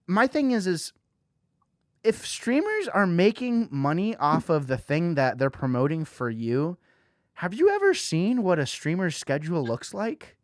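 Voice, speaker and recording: A man hosting a casual podcast, talking in an animated way with lots of "you know" fillers. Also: high-pitched, unhurried, no echo, studio quality. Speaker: podcast host.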